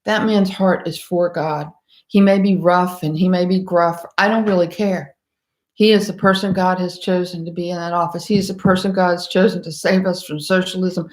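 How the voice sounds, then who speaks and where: An emphatic woman hosts a casual commentary livestream, pressing her points with passion and often restarting her sentences. Her voice sits in the middle of the range. The sound bounces around an echoey room. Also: medium pitch. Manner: impassioned and emphatic, rambling with restarts. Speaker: livestream host.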